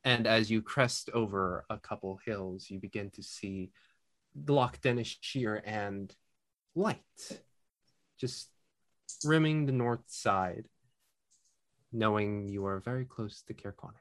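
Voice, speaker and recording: A man narrating a tabletop game as game master, relaxed and halting. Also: on the low side.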